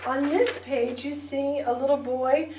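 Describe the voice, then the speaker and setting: A middle-aged woman teaching a bilingual children's lesson, repeating words clearly and prompting the listeners to say them back. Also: high-pitched, steady tone, warm tone, slight background noise. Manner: slow, clear repetition with call-and-response prompts. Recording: echoey room, distant mic.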